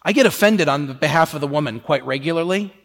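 A man preaching a sermon in a lively, conversational way, often slipping into quoted voices. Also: on the high side, fast talker, creaky, in a large hall.

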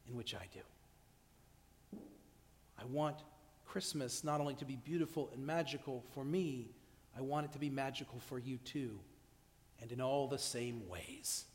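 A pastor giving an evening sermon in a conversational way, acting out little scenes with quoted dialogue. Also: male voice, medium pitch, darkish tone. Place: church. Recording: echoey church hall.

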